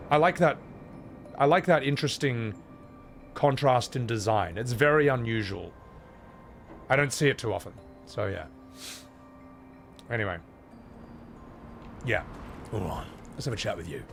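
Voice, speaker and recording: A man's voice: mid-range voice, moderate pace, pauses often, a bit bright, a little hiss or hum. A man with an Australian accent chatting casually to his viewers while playing a video game, rambling and swearing freely. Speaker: streamer. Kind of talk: casual gaming commentary.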